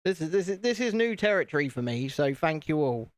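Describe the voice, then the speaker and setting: A man's voice: a little high, big pitch swings, a little fast, no room sound. A British man hosting a casual live stream, chatting to viewers while he builds and poking fun at himself. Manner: chatty, self-deprecating, talks to viewers.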